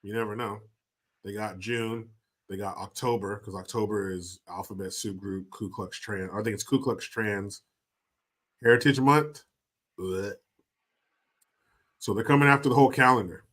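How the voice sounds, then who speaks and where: A man's voice: fairly low pitch, normal speed, pauses often. A man co-hosting a podcast, ranting in casual banter, swearing often and acting out disbelief. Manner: animated, swearing, mock-incredulous. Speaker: podcast co-host.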